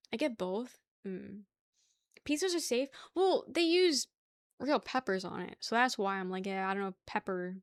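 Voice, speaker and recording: A young woman chats casually on her livestream, sliding from one topic to the next, laughing and cursing freely. Her voice sits a little high. The sound is dry and close, with no room around it. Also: clean tone, no echo. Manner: chatty, swears casually, laughs often. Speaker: livestream host. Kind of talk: casual chat with chat.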